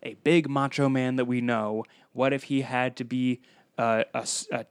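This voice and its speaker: A man's voice: mid-range voice, fairly even intonation, normal speed, clear, resonant tone, no echo. A man co-hosting a podcast, chatting casually about a movie and slipping into playful impressions of film lines. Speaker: podcast co-host. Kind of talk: casual movie-review chat.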